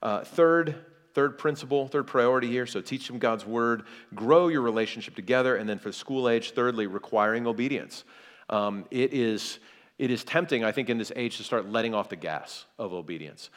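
A man in his forties, a pastor, teaching a church parenting class in a relaxed, conversational way with frequent restarts. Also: mid-range voice, normal speed.

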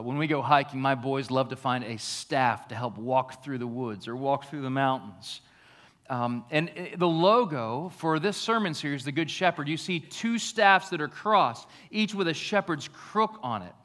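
A man with a fairly high voice delivers a sermon as a pastor. He drops to a soft, slow hush for reflective points, then lifts into louder, emphatic preaching. The delivery is conversational but earnest. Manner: swings between hushed, slow reflection and raised, emphatic preaching. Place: church.

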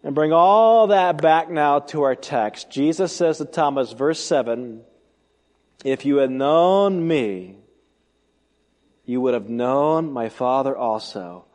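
A man preaching an expository sermon, emphatic, asking rhetorical questions and swinging between loud and soft delivery. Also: a little high, long reverb tail. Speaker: pastor.

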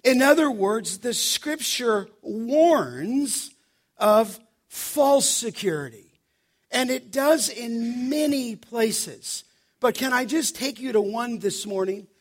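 A man preaching a sermon as pastor, leaning hard on key phrases and slowing down for emphasis. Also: extremely high pitch, lively intonation.

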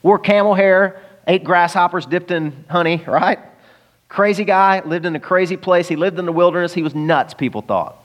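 A man preaching a sermon in a church, conversational and animated, with jokes and rhetorical questions. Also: sits high, normal speed. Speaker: pastor.

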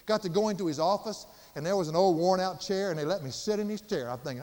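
A man's voice: high voice, quick pace. Older man preaching in a hall. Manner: impassioned preaching with wide swings from shouts to hushed tones. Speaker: pastor. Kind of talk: sermon.

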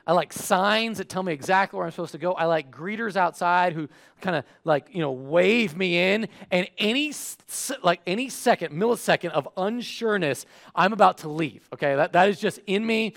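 Animated preacher man with gravelly voice. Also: high-pitched. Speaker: pastor. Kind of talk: sermon with comic storytelling.

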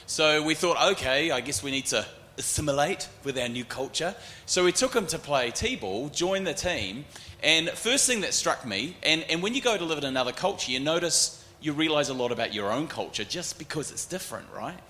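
A man in his forties with a New Zealand accent, telling animated stories as a panelist and acting out other people's voices. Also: a little high, normal speed, roomy sound. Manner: animated, acts out voices in anecdotes. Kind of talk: storytelling panel talk.

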